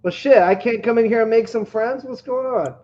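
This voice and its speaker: A man's voice: very high voice, brisk, lo-fi sound. A man from Florida calling into a casual online chat, defensive and indignant, swearing as he pushes back. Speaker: caller.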